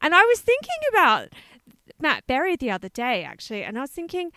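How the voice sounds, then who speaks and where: Lively, animated woman co-host. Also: high-pitched, brisk, no echo. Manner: animated, laughs often, wonders aloud. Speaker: podcast co-host. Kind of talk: casual chat.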